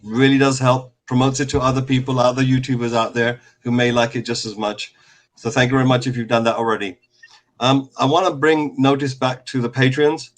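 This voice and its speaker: A man hosts a casual fan call-in show in a relaxed, rambling way. His voice sits at an ordinary middle pitch, and he fills gaps with ums and uhs. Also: a little fast. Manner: relaxed, rambling, with many fillers.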